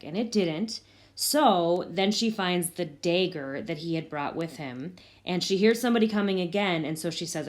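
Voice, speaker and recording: A woman's voice: on the low side, normal speed. A woman, probably a teacher, casually retelling a play scene and paraphrasing its lines in everyday words.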